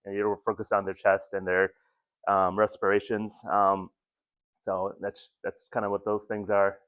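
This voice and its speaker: Low-voiced man giving a rambling lecture. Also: completely flat delivery, a little slow, fairly bright tone, clear, resonant tone. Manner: rambling, self-deprecating, many ums and restarts. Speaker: lecturer at an ambulance crew training. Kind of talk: casual training lecture. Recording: muffled lo-fi recording.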